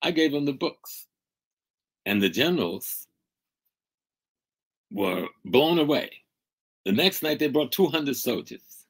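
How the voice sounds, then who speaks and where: A man's voice: medium pitch, animated, takes it slowly, long pauses, husky, low-quality recording. An older man from the United States telling a story with emphatic, dramatic delivery as an interview guest over a video call. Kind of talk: storytelling in a conversation.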